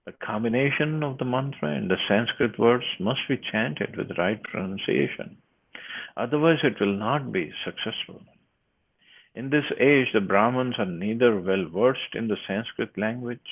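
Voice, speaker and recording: A man's voice: fairly low pitch, gravelly, slightly rough. A man giving a scripture class, reading verses and then explaining them with frequent restarts. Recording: tinny phone-like line.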